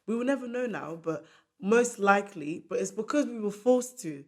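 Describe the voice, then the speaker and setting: A man's voice: sits high, lively intonation, normal speed. A man as a guest on a casual podcast, making emphatic arguments and sometimes acting out quotes. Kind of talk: casual conversation.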